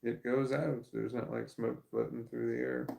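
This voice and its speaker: Casual vlogger: young man, gravelly, rambling, loose and profane, mid-range pitch. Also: little pitch movement, moderate pace, mellow, poor audio. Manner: rambling, laughs often, swears casually.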